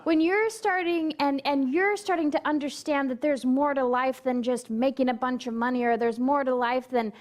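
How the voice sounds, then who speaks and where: A woman's voice: sits high, steady tone, normal speed, few pauses. A woman minister preaching a sermon, telling a story and putting on quoted voices, and asking the congregation questions directly.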